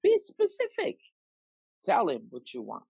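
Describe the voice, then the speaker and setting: A minister teaching on prayer, animated and acting out sample prayers with emphasis. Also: mid-range voice, a little slow, vocal fry, breathy edge, no room sound, poor audio. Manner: animated, specific, acts out prayers. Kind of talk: Bible teaching sermon.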